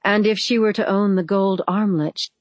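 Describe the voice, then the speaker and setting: An audiobook narrator giving a measured, dramatic reading of a novel, recorded close. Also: medium pitch, steady tone, no room sound.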